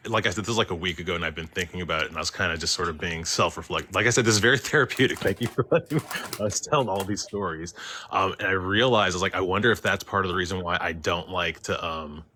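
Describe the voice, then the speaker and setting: A man's voice: sits low, sharp tone. A young man calling in to a livestream, telling a ghost story in a rambling, casual way full of "like" and filler words. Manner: rambling, heavy use of "like" and fillers. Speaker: caller.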